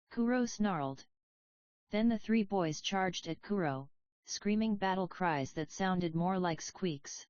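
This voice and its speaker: A woman narrating a story audiobook in an even, measured reading voice. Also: lowish voice, no room sound. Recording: dry, slightly dull audio.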